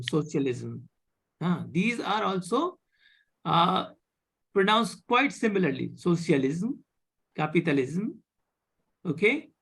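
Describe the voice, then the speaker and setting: A man teaching a live online French class, halting with many fillers and often asking "okay?". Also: sits high, creaky, a bit bright.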